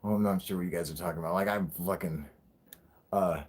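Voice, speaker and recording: A young man with a somewhat low, husky voice, hosting a casual livestream. He rambles and swears with a lively, swooping pitch. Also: fast. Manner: rambling, profane, laughing often. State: high. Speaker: livestream host.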